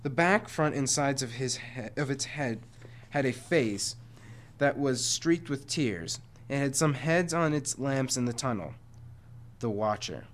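A man's voice: medium pitch, animated, measured pace. A man reading a chapter book aloud to listeners, often stumbling and correcting himself. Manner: frequent stumbles and self-corrections.

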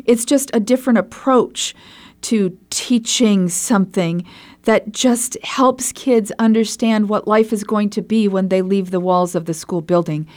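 A woman hosting a podcast interview, enthusiastic and effusive, agreeing warmly with her guest and thanking sponsors. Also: medium pitch, measured pace. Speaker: podcast host.

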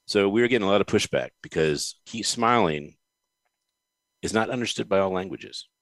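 Man, joking host, very deep voice, dry close sound. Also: expressive, normal speed, fairly bright tone, dry recording. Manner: joking, playful. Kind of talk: casual chat.

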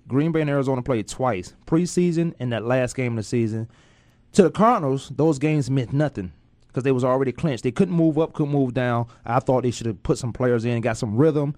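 A man's voice: mid-range voice, mellow, dry recording. A man hosting a casual sports talk radio show, playful and loose with slangy banter.

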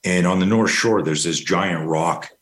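Speaking a little slowly in a low, somewhat bright voice, a middle-aged man tells a long, meandering personal story as an interview guest on fear management. He's casual and anecdotal, dropping an occasional curse word.

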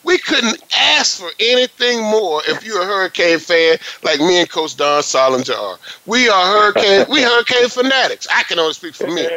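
A man's voice: high voice, animated, moderate pace, hardly any pauses, bright, forceful tone, no room sound, muffled recording. A male sports radio host in a studio, chatting in an upbeat way and often dropping in "man". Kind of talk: casual sports radio talk.

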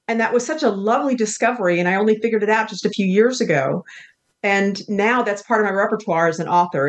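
A woman author speaking as a guest on a talk show, earnest and reflective, with a self-deprecating touch. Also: mid-range voice. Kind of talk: casual interview chat.

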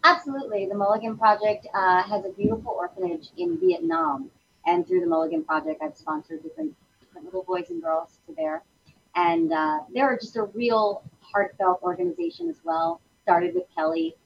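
A woman's voice: very animated, normal speed, gravelly, lo-fi sound, slight background noise. A woman guest on a talk show, chatting in a bubbly, effusive way. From Italian heritage. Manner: bubbly, effusive, swooping pitch. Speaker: guest, actress. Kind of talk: casual talk show chat.

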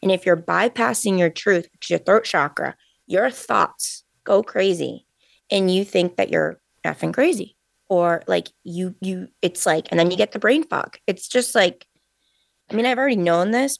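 A woman's voice: fairly low pitch, moderate pace, dry recording. A woman in her thirties, a podcast co-host and energy healer, talking in a casual, emotional way with many fillers. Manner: emotional, animated, heavy use of "like", creaky.

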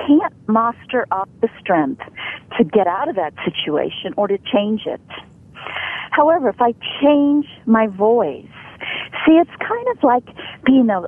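A woman speaking slowly and deliberately with a husky edge, in an earnest coaching manner. She comes through a tinny telephone line. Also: on the high side. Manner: demonstrates different voices, earnest and coaching. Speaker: guest, sound healer. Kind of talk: radio interview over the phone.

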